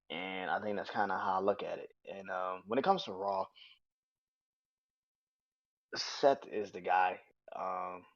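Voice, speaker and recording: A man hosting his own podcast, giving a casual, animated review that is full of swearing, with bursts of acted-out quotes. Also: lowish voice, dry recording, highs cut off. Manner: animated, swears freely, acts out quotes in raised voices. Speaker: podcast host. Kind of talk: casual solo wrestling review.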